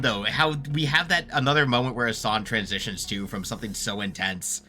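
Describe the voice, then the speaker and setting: A man's voice: medium pitch, sharp tone. A young man giving rambling, casual commentary as he ranks songs, full of filler words and the odd swear. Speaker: YouTuber ranking songs.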